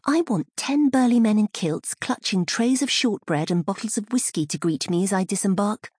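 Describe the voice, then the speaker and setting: A woman's voice: mid-range voice, normal speed, a little mellow, breathy edge, no room sound, clean studio sound, pitched above the performer's own voice, natural voice. Woman voicing a wry, cynical friend musing aloud.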